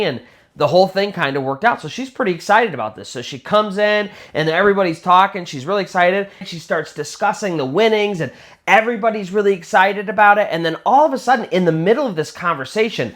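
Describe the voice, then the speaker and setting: A man's voice: high-pitched, lively intonation, quick pace, a bit bright. A man telling a spooky true story in a casual, conversational way, full of little fillers. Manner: conversational, many fillers like "kind of" and "sort of".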